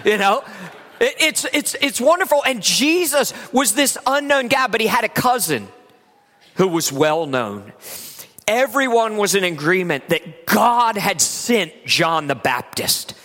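A man from Virginia, preaching a sermon in a lively, conversational way in a church. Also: high-pitched, measured pace. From West Virginia. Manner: lively, conversational preaching with laughs and acted asides. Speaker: pastor. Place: church sanctuary. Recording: long hall reverb.

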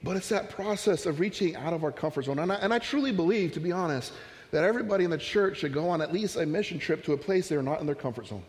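A man's voice: fairly high pitch, animated, fast, long reverb tail. A man preaching a sermon as pastor, talking conversationally with stories and humorous asides.

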